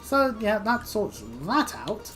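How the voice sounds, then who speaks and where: A woman's voice: medium pitch, big pitch swings, slow pace. Woman streamer rambling through gameplay, lots of ums, trails off, faint music behind. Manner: rambling, filler-heavy, trails off quietly. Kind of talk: casual gameplay commentary.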